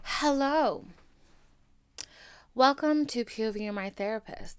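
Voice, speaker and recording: A woman's voice: fairly high pitch, animated, unhurried, long pauses, smooth, dry recording. A young woman hosting her own podcast, venting in a candid, chatty and profane way full of asides. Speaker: podcast host. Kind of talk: casual solo venting podcast.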